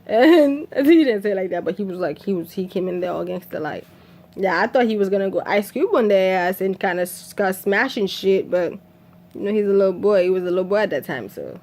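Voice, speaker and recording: A woman talks casually through a story, laughing often as she goes. Her pitch sits in the middle, and her telling is loose and chatty with plenty of fillers. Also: brisk, a little mellow. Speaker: vlogger recapping a movie. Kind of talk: casual chat.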